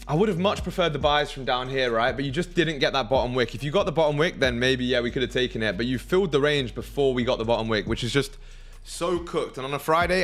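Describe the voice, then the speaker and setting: Casual young streamer, hypes his chat, thinks aloud, soft music bed. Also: mid-range voice. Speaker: trading livestream host.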